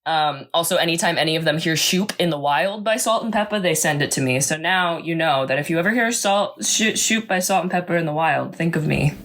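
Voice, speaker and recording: Young woman co-host, bright sharp voice, a bit low, animated and theatrical. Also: a little fast, hardly any pauses. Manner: animated, theatrical, laughs often. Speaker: podcast co-host. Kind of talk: casual chat.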